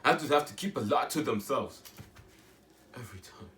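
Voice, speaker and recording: A man's voice: medium pitch, animated, normal speed, a bit bright, reverberant, recorded from a distance. A teenage boy talking in a rambling, emphatic way, often restarting and asking rhetorical questions. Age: teens. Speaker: vlogger. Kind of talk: casual monologue to camera.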